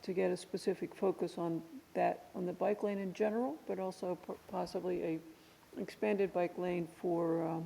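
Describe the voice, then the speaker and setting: A woman serving as hearing examiner who speaks haltingly and a little muffled, with a cough drop in her mouth. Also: lowish voice, fairly even intonation, creaky, mellow. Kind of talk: formal public hearing. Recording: long reverb in a hearing room.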